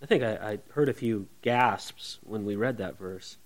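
A pastor delivers a verse-by-verse expository sermon in a conversational way, a little slowly. He keeps putting questions to the congregation and acts out quoted voices with big jumps in pitch and loudness.

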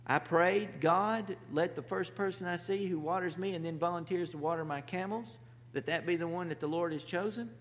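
A preacher speaking as a loyal, single-minded servant who refuses to rest until his errand is done, blunt and insistent. The slightly high voice carries a long hall echo. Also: moderate pace, fairly bright tone, a little hiss or hum. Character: determined loyal male servant on a mission.

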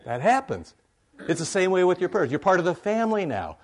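An older male pastor giving a folksy, rambling sermon, often checking in with the congregation with a quick "right?". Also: high voice, sing-song. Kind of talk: conversational sermon.

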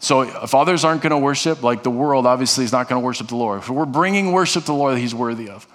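This male pastor talks at a quick pace in a mid-range, somewhat bright voice. Preaching earnestly in a church sanctuary, he keeps restarting and repeating phrases, and the sound echoes with a big hall's long reverb.

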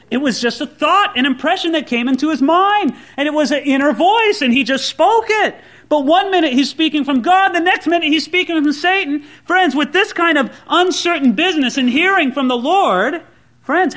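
A male pastor preaching a sermon, telling Bible stories and acting out the people in them. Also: extremely high pitch. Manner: animated storytelling preacher, acts out voices.

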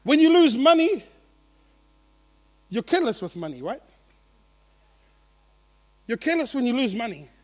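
Preacher: a man with a high voice, animated, playful sermon delivery that swings between loud and soft. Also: normal speed, long pauses. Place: church gathering.

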